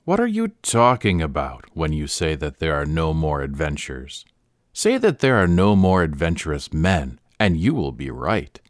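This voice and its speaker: A man as a wry, worldly French gentleman. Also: extremely low pitch, wildly swooping pitch, moderate pace, dry recording, clean studio sound, full character voice. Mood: emphatic.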